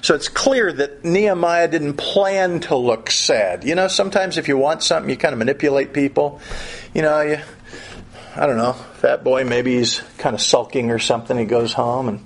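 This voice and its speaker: Husky-voiced man preaching a casual sermon. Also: mid-range voice, moderate pace. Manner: conversational preaching with humorous asides. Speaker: pastor.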